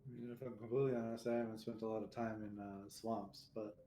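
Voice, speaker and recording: Man player, flat low voice, measured talk, roomy echo, faint hum. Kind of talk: casual tabletop game chat.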